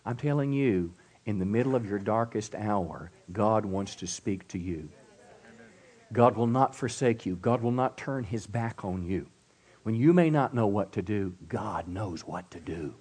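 A middle-aged man preaching a sermon as pastor at a church service, emphatic with "come on" call-outs and hushed storytelling. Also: on the low side, animated, unhurried, slightly rough.

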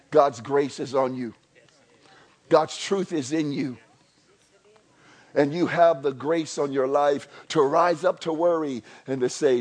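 A man with a high, bright-sounding voice preaches a sermon in a church. He repeats himself for emphasis and drops into chatty asides. Then he builds up to near-shouting. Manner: animated, swinging from soft to near-shouting. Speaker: pastor.

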